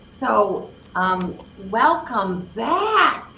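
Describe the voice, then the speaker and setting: A woman's voice: a little high, big pitch swings, extremely slow, sharp tone. An older woman, a grandmother, co-hosting a live card reading, speaking casually and gushingly and stretching words for emphasis. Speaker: card reader co-host. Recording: roomy, faint background noise.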